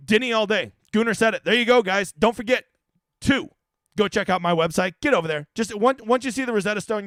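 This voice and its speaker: Guy hosting a golf stream, high voice, swings all over the place, dry close mic, swears a lot. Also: a bit bright, no room sound. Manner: profane, joking, reads viewer questions. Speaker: fantasy golf stream host. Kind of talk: casual live-stream chat.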